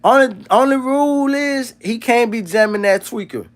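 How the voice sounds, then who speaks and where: A man's voice: very high voice, normal speed. Profane, joking man hosting a livestream. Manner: profane, loose, joking and animated. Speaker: livestream host. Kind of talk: casual livestream rant.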